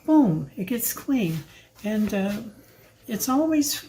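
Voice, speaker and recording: A woman's voice: fairly high pitch, sing-song, slow pace, dark tone, a little hiss or hum, rough recording. An older woman chatting her way through a home cooking demonstration in her kitchen, talking while she kneads the mix by hand, rambling with fillers and asides. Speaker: home cook filming a recipe video.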